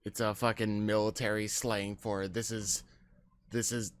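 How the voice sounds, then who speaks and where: A man's voice: lowish voice, flat delivery, measured pace, crowd noise. A man playing a tabletop game, blunt and decisive. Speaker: player. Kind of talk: casual tabletop play.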